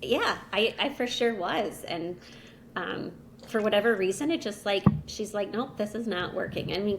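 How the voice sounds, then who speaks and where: A woman in her thirties recounts a personal story as a podcast guest. Her speech is casual and chatty, full of "like" and "you know," and sits at an unremarkable middle pitch. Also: background noise. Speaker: podcast guest, language teacher.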